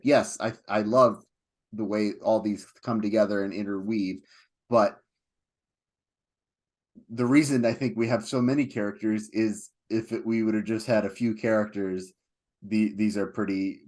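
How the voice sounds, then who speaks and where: A man co-hosting a film podcast, talking casually and at length, getting animated when he retells scenes. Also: fairly low pitch, measured pace. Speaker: podcast co-host.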